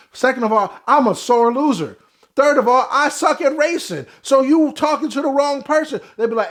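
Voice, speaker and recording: A young man giving a loud, brash, profane comedic rant to camera. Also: high-pitched. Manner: loud, brash and profane, with sudden swings in volume. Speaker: vlogger.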